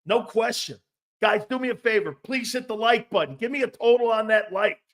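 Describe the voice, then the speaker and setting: Brash high-voiced sports talk host. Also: male voice, normal speed, fairly bright tone. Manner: brash and profane, laughs often. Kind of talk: casual sports talk show, reading live chat.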